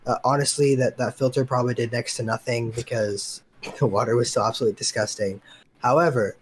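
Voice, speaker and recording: A man's voice: medium pitch, steady tone, a little fast, a little hiss or hum. Laid-back young man rambling on a podcast call. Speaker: podcast co-host. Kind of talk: casual chat. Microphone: remote voice call.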